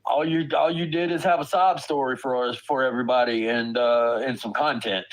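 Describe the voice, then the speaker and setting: Here a father and streamer vents furiously about online drama, his language harsh and profane as he stammers in disbelief. His medium-pitched voice keeps fairly even intonation at a moderate pace over poor audio.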